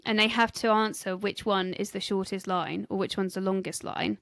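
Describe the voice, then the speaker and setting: British woman, podcast co-host, gravelly voice, dry close sound, chatty. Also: medium pitch, fairly even intonation, normal speed, a bit bright, dry recording. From Britain. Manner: chatty, giggly, reads scripted bits. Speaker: podcast co-host presenting history. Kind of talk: casual chat.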